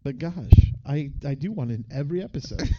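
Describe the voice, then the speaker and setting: A man's voice: fairly high pitch, lively intonation, brisk, lo-fi sound, background noise. A man co-hosting a podcast, tossing in dry, sarcastic remarks in casual chat. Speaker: podcast co-host.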